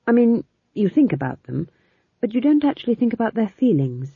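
A woman's voice: a little high, sing-song, fairly quick, creaky, breathy edge, no echo, pitched above the performer's own voice, full character voice. A woman doing a shy young witch. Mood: earnest. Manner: hesitant and earnest. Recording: tinny phone-like sound.

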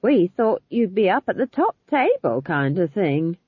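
A woman voicing an older, easygoing female witch who speaks in an unhurried, chatty way, in an audiobook. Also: mid-range voice, big pitch swings, husky, no room sound. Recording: slightly dull lo-fi recording.

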